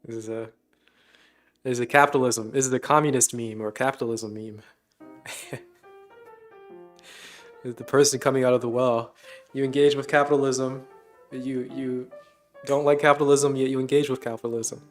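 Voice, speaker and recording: Casual streamer musing to himself. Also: male voice, medium pitch, steady tone, normal speed, long pauses, soft background music. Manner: musing, chuckling, talks to himself. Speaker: streamer reacting to videos. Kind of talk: casual live-stream commentary.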